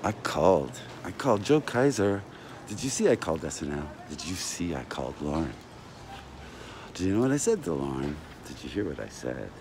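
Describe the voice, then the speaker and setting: Low-voiced guy vlogging off his phone outside, jumpy up-and-down talk, loud street noise behind. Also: moderate pace. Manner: animated, rambling, swings between loud and muttering. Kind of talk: rambling casual vlog. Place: outdoors at a food stand. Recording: noisy street ambience.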